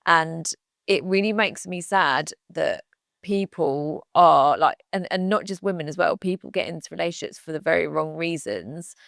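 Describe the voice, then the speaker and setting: Earnest woman, lowish dry voice. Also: normal speed, creaky, a bit bright, no echo. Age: 30s. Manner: earnest, frank, heartfelt. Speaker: podcast co-host. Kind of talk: casual chat.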